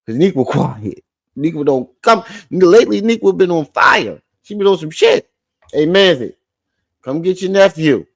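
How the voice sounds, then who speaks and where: A man hosting a casual livestream, loud, profane and teasing as he jokes with the chat. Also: on the high side, expressive, normal speed, gravelly. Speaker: livestream host.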